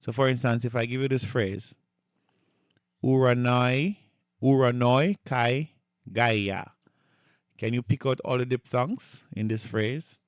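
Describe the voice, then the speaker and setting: A man's voice: mid-range voice, steady tone, normal speed, hardly any pauses, no room sound. Patient man teaching in a dry recording. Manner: patient, repeats key points, checks in with "right?". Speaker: Greek instructor. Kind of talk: recorded online lecture.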